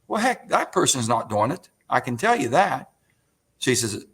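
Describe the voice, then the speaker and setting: A man's voice: mid-range voice, moderate pace, husky. An older man, a senator telling folksy stories of his start in politics as an interview guest. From West Virginia. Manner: folksy, animated retelling with acted quotes. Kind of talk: storytelling interview answer.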